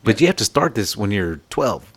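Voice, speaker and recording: A man with a very deep voice chats casually on a podcast. His pitch moves a lot as he muses and poses questions. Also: very animated, normal speed, husky. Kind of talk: casual chat.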